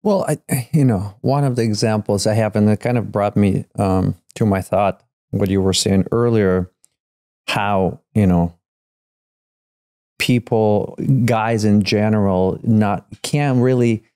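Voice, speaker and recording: A middle-aged man with a lowish voice, telling a family story on a podcast. He rambles and circles back, leaning on fillers and restarting his sentences as he goes. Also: steady tone, takes it slowly, warm tone, smooth. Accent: Russian. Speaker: guest, father of three. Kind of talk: casual storytelling in a podcast conversation.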